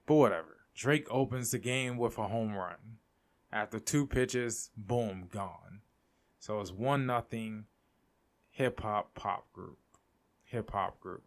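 Young male podcast host, lowish voice, loose and excitable, chatty rambling delivery. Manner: excitable, laughs often, rambling with restarts. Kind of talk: casual solo podcast chat.

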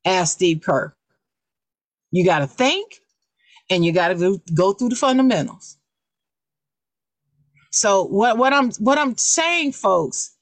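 A woman's voice: medium pitch, dry recording. Woman cohost going off on a rant, real emphatic, dry close sound. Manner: emphatic, fired-up ranting. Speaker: co-host. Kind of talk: opinionated podcast talk.

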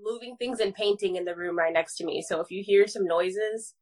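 A woman from California, a guest in a casual chat, answering in a relaxed, easygoing way. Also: medium pitch, brisk.

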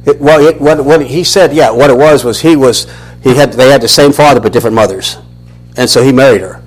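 A man's voice: mid-range voice, a little fast, low-quality recording. A man, teaching a Bible lesson as a sermon, questioning and restarting often. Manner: animated, questioning, many restarts.

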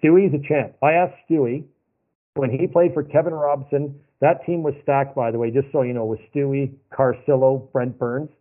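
A man's voice: mid-range voice, steady tone, moderate pace. A man telling long, rambling hockey stories in a casual chat, repeating himself as he goes. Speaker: podcast guest. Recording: phone-like narrow sound.

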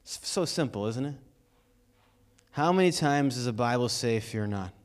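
A man preaching a sermon in a conversational, energetic way, asking the congregation rhetorical questions. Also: mid-range voice, normal speed. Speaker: pastor.

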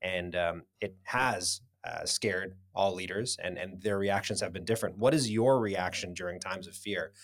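A man hosting an interview, asking long searching questions with pauses. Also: low voice. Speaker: interview host.

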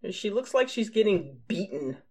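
A woman's voice: mid-range voice, big pitch swings, normal speed, dark tone, slightly rough. A woman casually reacting to a period drama with playful exclamations and giggles.

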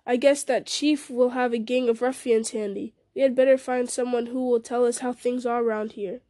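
A woman's voice: a little high, fairly even intonation, normal speed, warm tone, no room sound, clean studio sound, natural voice. A woman voicing a bold, cheeky young male hobbit in a story she reads aloud. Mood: defiant.

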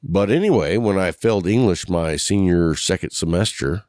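A man's voice: deep voice, animated, moderate pace, a little mellow, clean tone, dry recording, studio quality. A man with a Texas accent hosting a podcast, telling stories and joking in casual chat. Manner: joking, storytelling. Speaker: podcast host. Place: podcast studio.

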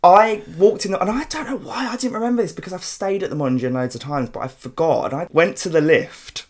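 This podcast host has a high voice and a brisk delivery, telling stories in his South London accent. The chat is casual, laced with swearing and frequent bursts of laughter.

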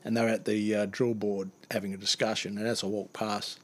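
A man's voice: lowish voice, little pitch movement, brisk. A man telling a funny work anecdote in a casual chat, acting out the other voices and laughing often. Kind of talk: casual storytelling.

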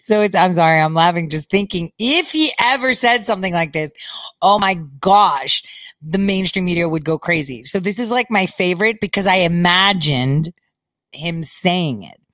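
A woman's voice: on the low side, expressive, normal speed, fairly bright tone, dry recording. A middle-aged woman hosting a podcast, giving rambling, chatty political commentary and laughing often. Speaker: podcast host.

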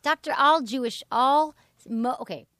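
A woman hosting a podcast in casual chat, chatty and trailing off quietly at the ends of thoughts. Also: high voice, unhurried, no echo, studio quality. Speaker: podcast host. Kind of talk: casual chat and sponsor reads.

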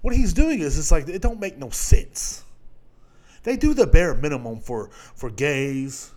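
A man rants alone into his podcast mic, cursing freely. His voice sits a little high for a man. He drops to low mutters, then bursts out loud. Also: very animated, a little slow. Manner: profane, ranting, swings between mutters and loud outbursts. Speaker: podcast host. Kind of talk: casual solo podcast rant.

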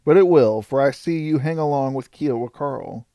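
A man voicing a stern, cool-headed male frontier scout in an audiobook, speaking in a measured way. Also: medium pitch, mellow, clean tone, dry recording, studio quality, lightly acted.

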